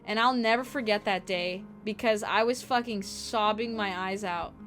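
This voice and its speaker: A young woman streamer telling stories in casual chat, animated and profane, acting out the people she quotes. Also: medium pitch, moderate pace, faint music behind.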